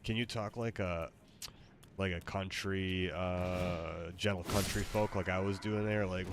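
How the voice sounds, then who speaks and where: A man streaming a game, chatting playfully and haltingly with his AI companion. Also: low voice, fairly even intonation, background noise. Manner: playful, halting, lots of fillers. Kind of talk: casual stream chat.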